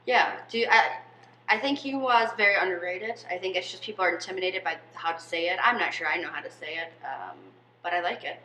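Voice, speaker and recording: A woman's voice: on the low side, fast talker, sharp tone. A woman co-hosting a podcast, chatting in a laid-back, playful way. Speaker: podcast co-host. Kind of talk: casual comedic chat. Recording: echoey room with faint noise.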